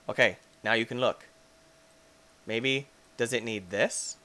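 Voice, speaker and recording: Giving excitable let's-play commentary on a game mod, a man playfully speaks to objects in the game and erupts into sudden comic shouts. His mid-range voice goes slowly, with frequent pauses.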